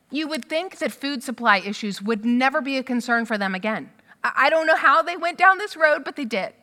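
Bright-voiced woman preaching in a hall. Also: a little high. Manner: conversational, animated storytelling. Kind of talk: sermon.

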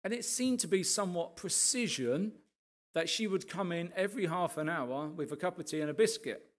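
Male pastor, testimony talk: a slightly high voice, a chatty, lively storyteller who keeps asking the room questions. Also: moderate pace. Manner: lively storyteller who often checks in with the listeners.

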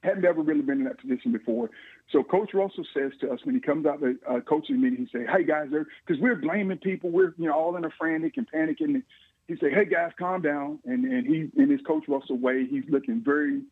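Man, fifties, animated storyteller, dry phone-line sound. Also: fairly high pitch, fast talker, creaky, husky, dry recording. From Georgia, USA. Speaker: guest, former football player. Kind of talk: storytelling interview.

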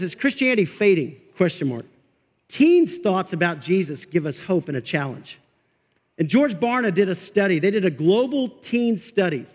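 A man preaching with real fire, his voice sitting high for a man as he talks to the congregation in a loose, chatty way. The sound rings with a long reverb, as if it were recorded in a large church sanctuary. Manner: energetic, fired up, conversational with frequent asides. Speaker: pastor. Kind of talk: sermon.

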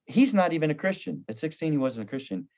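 A man's voice: on the high side, fast talker. A man in his fifties, a pastor and counselor, telling stories in conversation with humor and acted-out quotes. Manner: humorous, animated, acts out quoted voices. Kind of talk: conversational storytelling on a podcast. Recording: dull lo-fi audio.

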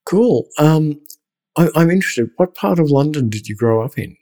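A man's voice: a little high, animated, normal speed, dark tone. A man interviewing a guest, asking short, encouraging questions. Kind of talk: casual interview.

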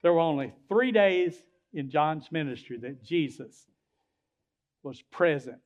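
A high-pitched man preaching from the pulpit. He climbs into loud, hollering peaks, then sinks to low, hushed endings, in the rhythm of a church sermon. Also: expressive, measured pace, muffled recording. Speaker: pastor.

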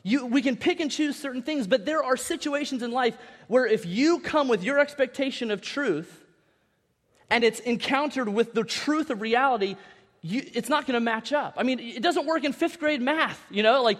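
A man preaching a sermon as pastor, in a conversational style with animated asides and repeated words. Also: extremely high pitch, normal speed. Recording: long reverb of a large hall.

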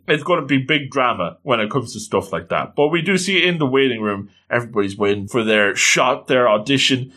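Animated man recapping a comic chapter. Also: mid-range voice, brisk, few pauses. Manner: animated storyteller, playful catchphrases. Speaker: host.

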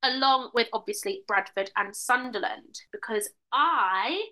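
A woman's voice: fairly high pitch, unhurried, sharp tone, rough recording. A woman hosting a casual podcast, teasing her co-host and laughing often.

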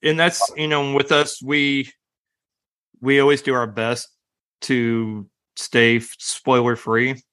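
A man co-hosting a relaxed movie podcast. He rambles and restarts his sentences as he goes, laughing easily. His voice sits at an ordinary middle pitch. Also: slow, clean tone. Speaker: podcast co-host. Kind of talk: casual chat about movies.

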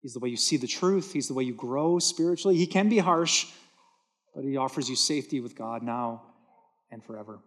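A man's voice: mid-range voice, fairly quick. A man preaching a sermon from a church stage, earnest and emphatic, repeating words for stress. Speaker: pastor.

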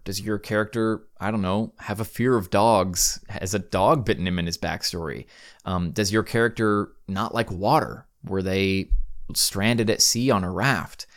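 Chatty low-voiced male podcast host. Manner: chatty and upbeat, casual slang, frequent ums. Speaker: podcast host and game master. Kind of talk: casual podcast monologue.

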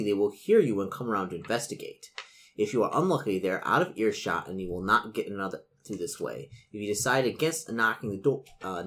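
Game master, man, low voice, steady gamebook narration.

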